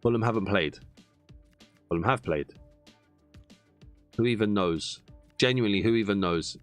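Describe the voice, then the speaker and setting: A young man commentating on a football video game, veering between excited shouts at goals and muttered frustrated grumbling. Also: fairly low pitch, normal speed, soft background music. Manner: animated, bursts into shouts at goals. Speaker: gaming YouTuber. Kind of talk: gameplay commentary.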